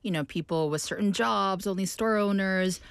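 A woman's voice: medium pitch, normal speed, creaky, clear, resonant tone, no echo, clean studio sound. A woman with an East Coast American accent from the Maryland and Washington area, chatting casually, laughing often and restarting her sentences. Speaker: podcast guest, actress. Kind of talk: casual chat.

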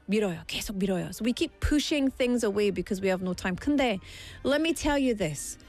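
A woman's voice: fairly high pitch, lively intonation, fairly quick, a little mellow, faint music behind. A middle-aged woman teaching a word-of-the-day lesson in an encouraging, motivational way. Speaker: language teacher.

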